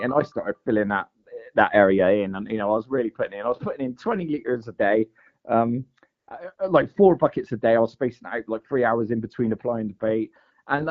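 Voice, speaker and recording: A man telling a long fishing story in a casual, rambling way, full of "mate" and "like". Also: fairly low pitch. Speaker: guest angler. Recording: dull lo-fi audio.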